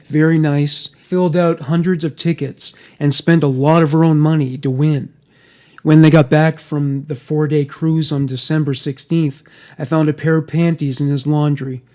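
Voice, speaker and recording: A man narrating a first-person true-crime account in a steady, even reading voice. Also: on the high side.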